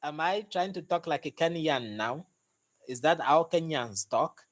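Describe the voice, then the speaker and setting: A man's voice: fairly high pitch, animated, unhurried. A man with a slightly raised voice hosts a casual live stream about cars. He sounds upbeat and chatty as he welcomes viewers by name, talking into a phone he holds in one hand. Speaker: mechanic hosting a live stream. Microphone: phone held in hand.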